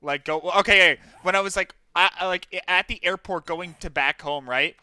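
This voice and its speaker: A man's voice: high voice, moderate pace, clean tone, no room sound, studio quality. A young man from New Jersey, streaming a game and chatting casually, telling stories with lots of swearing. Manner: swears freely, animated storytelling. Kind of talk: casual chat while gaming.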